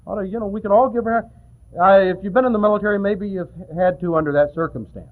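A man's voice: high voice, quick pace. A man preaching a sermon in a conversational style, acting out little quoted voices as he explains scripture. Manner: animated, conversational, acts out quotes. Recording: tinny phone-like old recording.

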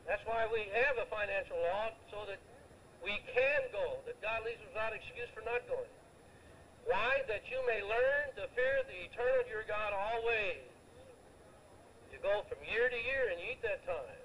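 A man delivers a sermon in a strikingly high voice, explaining scripture verse by verse. He drives points home with emphatic rhetorical questions and answers them himself. A faint noise sits under the recording. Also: animated, normal speed, bright, forceful tone, rough recording. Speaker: preacher.

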